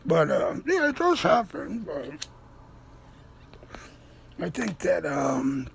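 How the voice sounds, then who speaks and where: A man's voice: fairly high pitch, sing-song, slow pace, gravelly, slight background noise. A man hosting a show, rambling through a profane, conspiratorial comedic monologue. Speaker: host.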